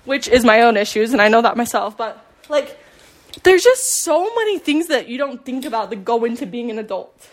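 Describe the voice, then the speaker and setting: A woman's voice: on the high side, animated, fairly quick. Chatty rambling teenage girl vlogger. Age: late teens. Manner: rambling, chatty, self-deprecating, filler-heavy. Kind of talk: casual confessional chat. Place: home with dogs. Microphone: phone.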